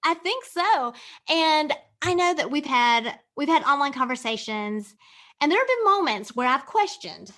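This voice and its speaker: Bubbly lady podcast host, pretty high voice, bit of a country twang, laughs a lot. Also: big pitch swings, measured pace, sharp tone. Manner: speaks with a slight country twang. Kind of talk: upbeat interview hosting.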